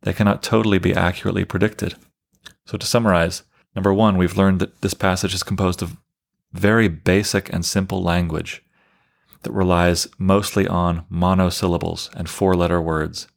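Low gravelly-voiced man lecturing. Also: flat delivery, moderate pace. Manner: methodical, explanatory, counts things out loud. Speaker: literature teacher. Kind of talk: lecture on poetic meter.

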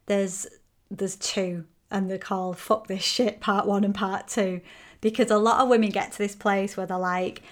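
A woman's voice: medium pitch, normal speed. A woman hosting a motivational podcast, talking frankly and energetically and acting out listeners' complaints. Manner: frank and energetic, acts out quoted complaints, swears casually. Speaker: podcast host and coach.

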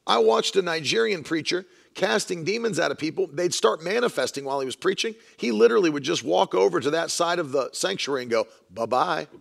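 Gravelly emphatic male preacher. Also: a little high, expressive, fast talker, hardly any pauses. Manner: emphatic, repeats lines for stress, quotes others in mocking voices. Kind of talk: sermon.

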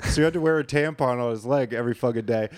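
A man's voice: medium pitch, racing, a little mellow. A man in his twenties, a podcast co-host, telling a workplace story in casual, profane chat.

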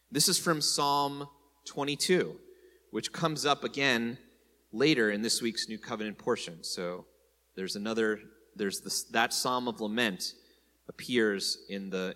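A man's voice: fairly low pitch, long reverb tail. A man teaching a sermon in a conversational way, often asking "right?" and lifting his voice on key points. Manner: animated, rising on key points. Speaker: congregation teacher.

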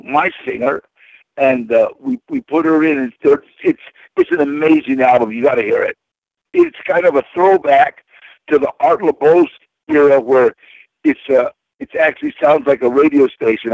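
A man's voice: medium pitch, vocal fry, a little mellow, dry recording, rough recording. A man guest in an interview, telling casual stories in a rambling way, with many repeated words and fillers.

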